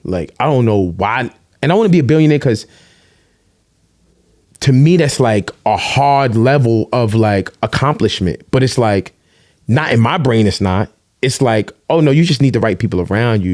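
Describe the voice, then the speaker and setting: A man in casual chat, telling animated stories in streetwise slang and swearing freely. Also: mid-range voice, moderate pace, no room sound, clean studio sound. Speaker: podcast guest, vlogger.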